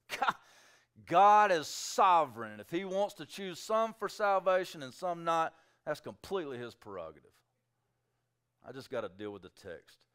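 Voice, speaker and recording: Male preacher, lively pitch, clear ringing tone, acts out objectors' questions. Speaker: pastor. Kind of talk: sermon.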